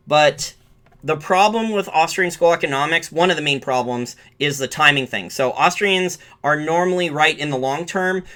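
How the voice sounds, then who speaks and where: Bright and forceful, with a voice a little on the high side, a man hosts a live-streamed finance show. He gives loose, rambling market commentary, often breaking off mid-sentence to restart and correct himself.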